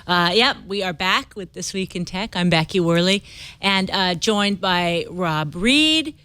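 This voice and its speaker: A woman's voice: fairly low pitch, expressive, bright, forceful tone, clean tone, no room sound. Playful woman hosting a tech panel. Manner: playful, brisk, jokey. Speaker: guest host.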